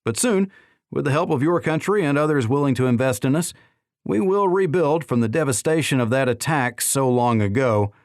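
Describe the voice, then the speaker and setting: A man doing a smooth, cool secretary of state. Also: mid-range voice, expressive, moderate pace, a little mellow, no room sound, clean studio sound, pitched above the performer's own voice, natural voice. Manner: polished, diplomatic.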